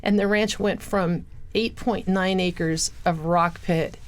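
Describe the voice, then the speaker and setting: A woman's voice: fairly low pitch, fairly even intonation, slow, slight background noise. A middle-aged woman giving an earnest personal testimony as a guest in a radio interview. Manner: earnest storytelling, acts out quoted voices.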